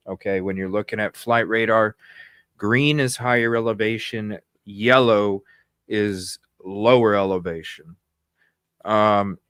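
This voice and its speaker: A man's voice: lowish voice, a bit bright, clean tone, no room sound, studio quality. A man hosting a live news stream, talking in agitated, indignant bursts that ramble with restarts.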